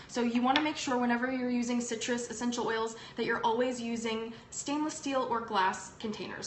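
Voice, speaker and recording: A young woman chats brightly and casually, filling her pauses with ums. Her voice sits fairly high. The room is echoey, with a faint hum of background noise. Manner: upbeat and chatty, many ums. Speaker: host. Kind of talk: casual livestream product talk.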